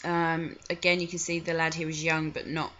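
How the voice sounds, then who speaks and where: A woman's voice: low-pitched, level tone, normal speed, fairly bright tone, slight background noise. A woman giving frank, chatty commentary on film clips, with disgusted asides. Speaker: video commentator. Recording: dull lo-fi recording.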